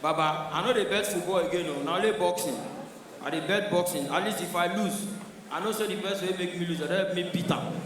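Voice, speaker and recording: A man's voice: high voice, quick pace, a crowd in the background. A man with a Nigerian accent doing a stand-up comedy routine, telling stories in Pidgin and acting out the characters. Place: live comedy show venue. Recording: echoey hall from far off.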